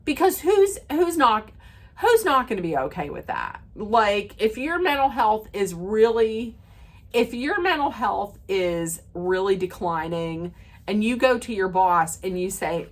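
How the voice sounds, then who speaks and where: Woman, reality TV recap vlogger, casual rant, slow delivery, chatty and opinionated, filler-heavy. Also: sing-song. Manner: chatty and opinionated, lots of "like" and restarts; acts out quoted lines in a lower voice.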